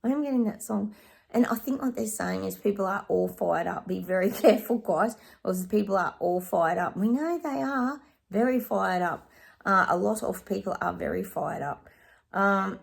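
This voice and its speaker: Speaking at normal speed in an animated mid-range voice with vocal fry, a middle-aged woman from Australia gives a casual psychic reading direct to camera. She's chatty, keeps addressing everyone as "guys," and sings bits of songs.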